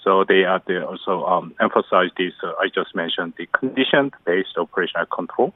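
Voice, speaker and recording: Low-voiced Korean professor on a phone line. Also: male voice, dry recording. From South Korea. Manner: halting, restarts phrases, grammar slips. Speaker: professor of international studies, guest. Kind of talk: phone interview analysis. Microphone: telephone. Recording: tinny dry phone line.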